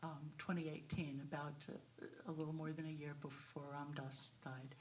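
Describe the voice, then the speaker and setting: A woman's voice: low voice, level tone, moderate pace, slight background noise. A woman in the audience asking a question into a handheld microphone, searching for her words as she goes. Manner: hesitant, searching phrasing. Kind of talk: audience question at a spiritual talk.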